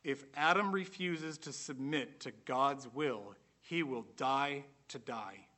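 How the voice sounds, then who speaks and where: A man preaching a sermon in an earnest, emphatic way, slowing down to stress key points. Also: mid-range voice, bright, forceful tone.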